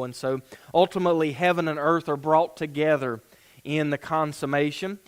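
A man's voice: fairly high pitch, clear, resonant tone. A man preaching a sermon and reading scripture aloud, earnest and given to restarting phrases. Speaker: pastor.

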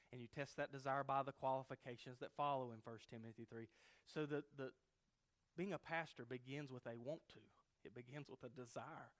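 A man's voice: mid-range voice, a bit bright. A man preaching a verse-by-verse sermon who teaches emphatically and often checks in with his listeners by asking "okay?". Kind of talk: expository sermon.

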